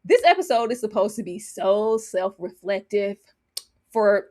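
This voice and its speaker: A woman hosting a live show, chatting casually in an animated, slangy, emphatic way and laughing often. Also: medium pitch, a little slow. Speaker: host of a live show reviewing a TV series. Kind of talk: casual live-stream chat.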